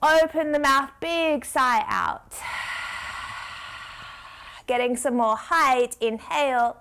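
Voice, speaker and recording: High, slow-spoken woman leading kids yoga. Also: a bit bright, clear, resonant tone. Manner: playful, encouraging, asks children questions; slow, drawn-out instructions. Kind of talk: guided children's yoga story.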